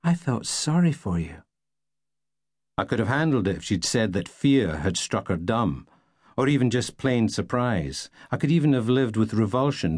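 A man reading a novel aloud in the first person, wry and deadpan. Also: on the low side, dry recording, studio quality. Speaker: audiobook narrator.

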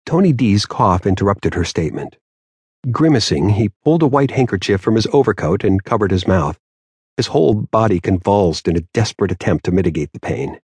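Male audiobook narrator, low voice, husky, lively pitch, dry close recording. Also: brisk, no echo. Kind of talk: scripted narration.

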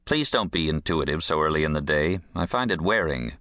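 A man's voice: very deep voice, lively intonation, brisk, bright, forceful tone, no room sound, exaggerated voice. A male audiobook narrator playing a probation officer who questions people in a firm, probing, dry way.

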